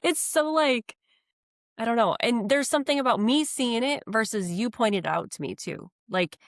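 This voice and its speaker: Expressive, laughing woman co-host. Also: a little high, normal speed, dry recording. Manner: laughs often, lively and expressive. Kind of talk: casual podcast chat.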